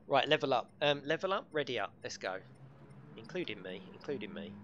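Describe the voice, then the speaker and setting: Bright, lively man streaming a racing game. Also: medium pitch, a little fast, slight background noise. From United Kingdom. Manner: joking, banter with chat, swears. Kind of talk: live game streaming chat.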